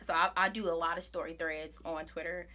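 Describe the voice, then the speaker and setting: A woman's voice: fairly low pitch, flat delivery, fairly quick, pushed and bright, a little hiss or hum. A young woman, chatting casually and rambling through a makeup vlog, with dramatic outbursts. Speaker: beauty vlogger.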